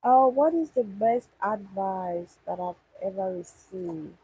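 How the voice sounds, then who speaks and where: A woman's voice: medium pitch, lively intonation, slow pace, mellow, husky, low-quality recording. A young woman chatting casually with viewers on a livestream, thinking aloud and restarting her sentences. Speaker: livestream host answering viewers. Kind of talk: casual live chat.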